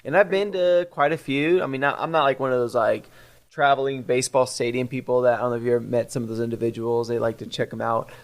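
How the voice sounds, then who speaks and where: A man's voice: mid-range voice, little pitch movement, fast talker. Chatty man hosting a church podcast. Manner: rambling, laughs at own stories. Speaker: podcast host. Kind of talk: casual chat.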